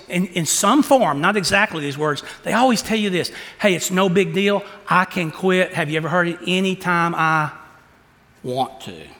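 A man preaching a sermon, asking the congregation rhetorical questions and acting out quotes with animated delivery. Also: high-pitched, in a large hall. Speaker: pastor.

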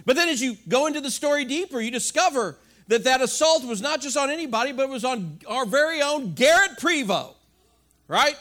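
Middle-aged male pastor, high voice, lively conversational sermon, asks the crowd questions. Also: fairly quick. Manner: animated, conversational preaching with rhetorical questions.

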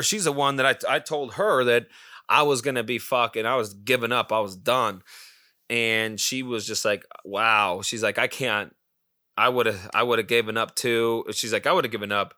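A man hosting his own podcast, telling a long rambling story in a casual, profane, excitable way. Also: fairly low pitch, dry recording, studio quality. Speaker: podcast host. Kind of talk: casual solo monologue.

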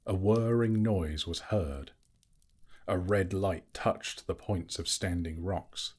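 Man, audiobook narration, low voice, husky, measured and dramatic. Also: a little mellow. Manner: slow, measured and dramatic reading. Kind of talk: scripted storybook narration.

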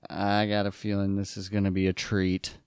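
A man's voice: low-pitched, completely flat delivery, normal speed, clear, resonant tone, no room sound, clean studio sound. A man riffing on a movie with sarcastic, wisecracking asides. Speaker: movie riffer. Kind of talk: riffing commentary over a movie.

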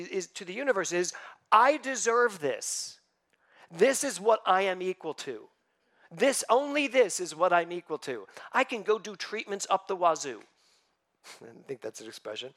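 Emphatic higher-voiced man preaching. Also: a bit bright. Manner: emphatic, builds to raised fervent delivery; acts out inner voices in quotes. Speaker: spiritual teacher. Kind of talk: sermon.

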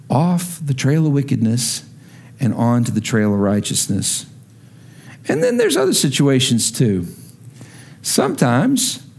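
A man with a high, light voice preaching a sermon. He talks in a chatty way and asks his listeners questions. He builds up to strong, emphatic calls. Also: vocal fry, a little mellow, breathy edge. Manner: conversational, asks the congregation questions, grows emphatic. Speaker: pastor. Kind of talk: sermon with storytelling.

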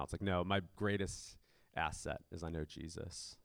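Pastor guy giving a chatty sermon, lowish voice, dry sound, lots of ums. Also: steady tone, normal speed, vocal fry, no echo. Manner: conversational, many fillers and restarts.

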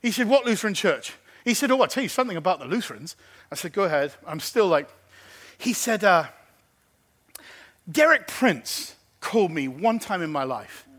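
A man preaching as pastor, telling a story and acting out the people in it, animated and lively. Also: high voice, moderate pace. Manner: animated, acts out phone conversations. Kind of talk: sermon storytelling. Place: church.

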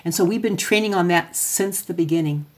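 A woman's voice: on the low side, fairly quick, darkish tone. A woman hosting a podcast, talking casually and chattily about parenting, an extrovert who often laughs. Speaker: podcast host.

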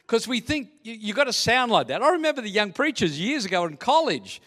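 A man's voice: high voice, very animated, fairly quick, hardly any pauses, a bit bright. A man preaching a sermon as pastor, chatty and joking with the congregation. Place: church hall. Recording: echoey church hall.

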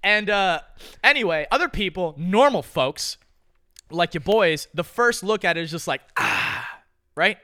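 A young man co-hosts a casual podcast, riffing through stories with animated, profane humor. His voice is bright and crisp, a bit higher than most men's, and the dry close mic keeps every word up front. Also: normal speed, no room sound. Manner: animated, profane, jokey storytelling. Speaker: podcast co-host. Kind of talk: casual chat.

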